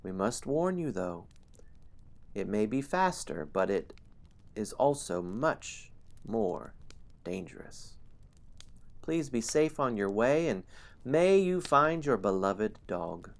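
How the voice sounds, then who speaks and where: A man voicing a small, kindly elderly gnome elder who gives a slow, earnest warning. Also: mid-range voice, big pitch swings, creaky, full character voice. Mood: earnest, cautioning.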